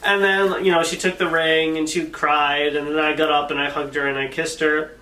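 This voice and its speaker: A man's voice: fairly high pitch, normal speed, far from the mic. A man in a casual vlog, telling a story and acting out quotes with animation. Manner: animated retelling with acted quotes. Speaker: vlogger telling the proposal story. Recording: echoey room, camera mic from afar.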